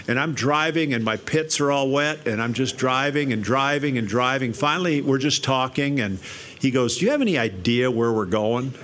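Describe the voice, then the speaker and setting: A man's voice: medium pitch, fairly bright tone. An older man telling his life story to an audience, animatedly acting out the voices in his quotes. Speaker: speaker sharing his testimony.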